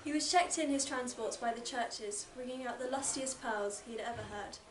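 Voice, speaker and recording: A young woman in her late teens reading a classic story aloud with lively expression, from a distance in an echoey room. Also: a little high, normal speed, noisy background. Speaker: student reader. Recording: echoey room, distant mic, noticeable ambience.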